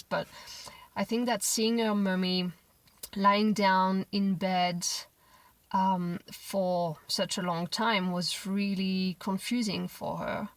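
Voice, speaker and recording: A young mother telling a personal parenting story to camera in a gentle, reflective way, often restarting her sentences. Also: mid-range voice, no room sound, far from the mic, poor audio. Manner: reflective, gentle, with frequent restarts and soft quoted asides.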